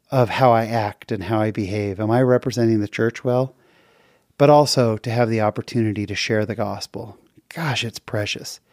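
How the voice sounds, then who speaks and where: Mellow-voiced earnest male podcast host. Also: no echo, clean studio sound. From western United States. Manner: earnest, lively retelling with sudden pitch jumps. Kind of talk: casual faith storytelling podcast.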